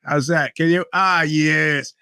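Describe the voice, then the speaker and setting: A man hosts his own podcast in loose, rambling talk full of wry, profane asides. His voice sits high and bright, and his speech is a little thick from a bitten tongue. The close mic sounds dry. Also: steady tone, slow pace, vocal fry, clear, resonant tone, no echo. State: talking a bit funny from a bitten tongue. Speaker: podcast host. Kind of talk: casual solo podcast talk.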